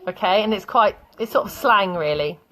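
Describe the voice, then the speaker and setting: Woman, teacher, chatty, laughs a lot, anecdotes, middle pitch. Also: normal speed, fairly bright tone. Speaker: English teacher. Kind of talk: online English vocabulary lesson.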